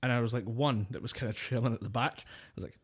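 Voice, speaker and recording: A man's voice: medium pitch, steady tone, fast, slightly rough. A man co-hosting a casual podcast, telling a story with a lot of swearing and laughter. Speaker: podcast co-host. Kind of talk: casual chat.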